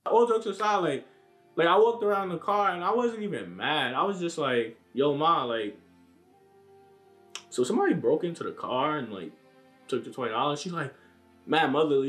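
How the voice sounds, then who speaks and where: A young man with a slightly high voice tells a story time in a relaxed, slang-filled way. He acts out quotes from the people in it as he goes. Faint music plays underneath. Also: normal speed, pauses often. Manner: laid-back slang-heavy storytelling, acting out quotes. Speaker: vlogger.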